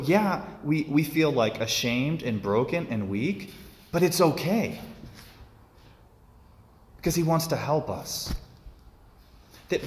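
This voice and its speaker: A man preaching a homily in a loose, conversational way, full of fillers and restarts. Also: medium pitch. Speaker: priest. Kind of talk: sermon. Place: church. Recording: echoey church hall.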